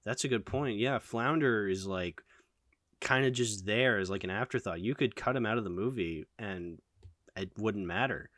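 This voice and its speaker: A man's voice: fairly low pitch, normal speed, no room sound, studio quality. A man hosting a casual film discussion, opinionated and full of fillers. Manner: animated, opinionated, lots of fillers. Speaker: channel host.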